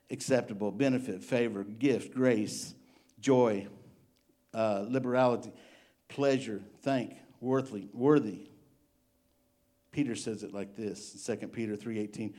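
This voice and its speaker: A man preaching a midweek sermon as pastor, impassioned and emotional, with rising exclamations. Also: mid-range voice. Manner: emotional and tender-hearted.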